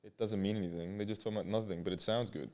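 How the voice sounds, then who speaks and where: A man's voice: lowish voice, steady tone, racing, a little mellow. A man on a podcast, talking casually in a blunt, joking way. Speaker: podcast guest. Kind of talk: casual group chat.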